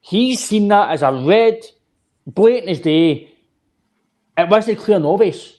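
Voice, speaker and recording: Emphatic Scottish man, slightly high voice. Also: lively intonation, slow, a little mellow. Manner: emphatic, restarts phrases often, says "mate" a lot. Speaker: podcast co-host. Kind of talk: casual football chat.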